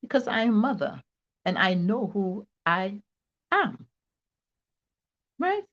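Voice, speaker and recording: A woman rambles playfully as a guest, laughing often, over a dull, lo-fi video call line. Her pitch sits in an ordinary middle range for a woman. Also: sing-song, slow. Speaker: returning guest on an online talk show. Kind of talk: casual interview conversation.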